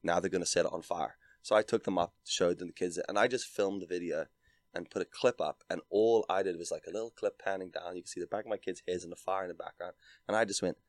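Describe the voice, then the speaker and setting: Fast-talking deep-voiced Northern Irish man. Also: no room sound. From Northern Ireland. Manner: dry, deadpan storytelling with lots of "like". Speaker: podcast guest, content creator. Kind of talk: casual chat.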